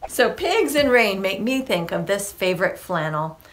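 A woman librarian reading a picture book aloud to children, expressive and coaxing as she invites them to join in. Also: medium pitch, normal speed, a little hiss or hum.

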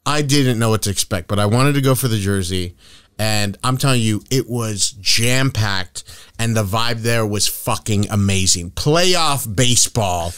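A man hosting a casual comedy podcast, telling stories in a profane, excitable way with loud bursts. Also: on the low side, unhurried, smooth, dry recording. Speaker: podcast host.

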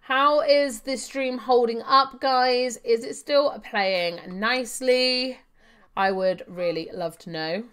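A woman's voice: fairly high pitch, takes it slowly, a bit bright, smooth. A young adult woman giving chatty live gameplay commentary, thinking aloud with fillers and laughing often. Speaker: game streamer.

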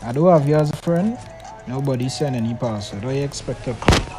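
A man live-streaming a game, chatting in an animated, teasing way and often tacking on "boy". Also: mid-range voice, fairly quick. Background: music.

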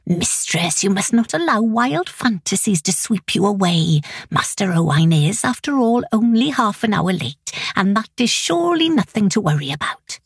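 A woman's voice: medium pitch, very animated, normal speed, gravelly, hardly any pauses, breathy edge, dry recording, studio quality, full character voice. A woman reading an audiobook, voicing a firm, practical woman servant who scolds in a matter-of-fact way. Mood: scolding.

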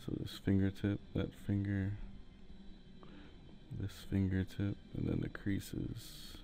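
A man giving a relaxed, rambling painting tutorial with jokey asides, talking into a headset mic. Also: low-pitched, slow pace, vocal fry, slight background noise. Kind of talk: casual tutorial commentary while painting. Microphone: headset mic, breathing into it.

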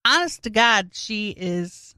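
A woman co-hosting a podcast in casual chat, joking crudely in a deadpan way. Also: medium pitch, takes it slowly, smooth, dry recording. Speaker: podcast co-host.

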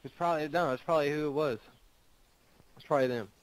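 A man's voice: on the high side, fast talker, low-quality recording. A man speaking in character in a roleplay game chat, blunt, terse and profane.

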